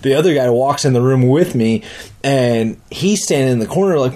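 Rambling, animated man telling a story. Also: mid-range voice, moderate pace. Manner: animated, rambling, profane, acts out quotes. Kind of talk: casual storytelling.

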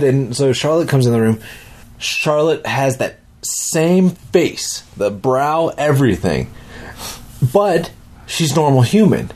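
Speaking slowly at medium pitch, a young man who is a dad describes a vivid dream he had. It's a casual, rambling and lively story, sprinkled with swearing and restarts.

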